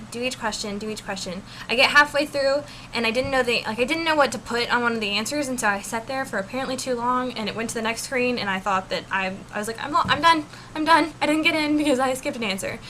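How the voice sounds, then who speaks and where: A young adult woman telling a story in a casual vlog, chatty and animated, filling her talk with "like". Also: a little high, slight background noise. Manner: chatty, animated, says "like" constantly. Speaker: vlogger. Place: college dorm room.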